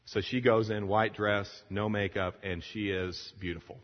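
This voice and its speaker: A man preaching a sermon to fellow preachers, retelling a film scene with lively acted-out dialogue before closing in prayer. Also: on the low side, normal speed. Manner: animated storytelling, acting out the dialogue. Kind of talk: sermon to pastors. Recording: lo-fi sound in a long-echo hall.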